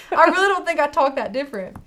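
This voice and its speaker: A woman's voice: high voice, sing-song, fast talker, sharp tone. A young woman with a Southern US accent, chatting casually and upbeat while demonstrating a craft project on a livestream. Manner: chatty, upbeat, laughs often.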